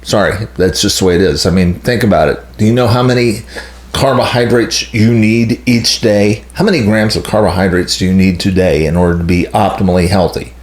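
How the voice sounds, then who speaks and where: Blunt low-voiced man in an echoey room. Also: steady tone, a little fast. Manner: blunt, emphatic, repeats key points. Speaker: health channel host. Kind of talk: casual explanatory monologue.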